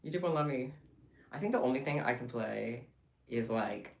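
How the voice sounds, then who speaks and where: A woman chatting casually and excitably to her viewers while livestreaming her craft work. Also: extremely low pitch, normal speed, gravelly, reverberant. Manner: chatty and excitable, talking to chat. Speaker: livestreamer making bead bracelets.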